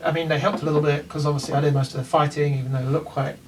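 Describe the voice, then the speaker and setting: A man's voice: a little high, level tone, very fast, distant mic, noisy background, natural voice. A man voicing a female warrior who brags about her fighting, then hedges and rambles as her confidence slips. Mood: boastful. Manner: rambling, self-aggrandizing, hesitant. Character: female warrior, bragging, losing her nerve.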